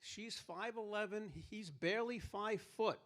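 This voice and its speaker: Man doing stand-up, slightly high voice. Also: a little slow, a bit bright. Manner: storytelling, acting out quoted characters. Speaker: stand-up comedian. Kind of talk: live stand-up routine. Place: live comedy stage. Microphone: handheld stage microphone.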